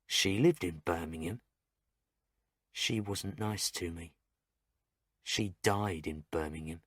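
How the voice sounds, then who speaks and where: A man's voice: on the low side, dry recording, clean studio sound. A man narrating a graded-reader story for English learners in a plain, carefully spaced way, with short sentences.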